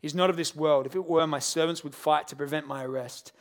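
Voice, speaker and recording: A calm, quietly firm male teacher, as a preacher gives him voice, dropping low and soft. He speaks in measured, steady words in a sermon retelling. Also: close to an everyday voice.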